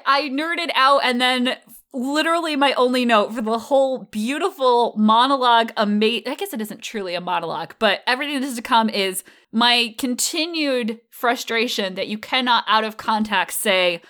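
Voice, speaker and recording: Chatty thirties woman on a podcast, fairly high voice, pokes fun at herself. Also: bright, forceful tone. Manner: chatty, quick and self-mocking. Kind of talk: casual chat.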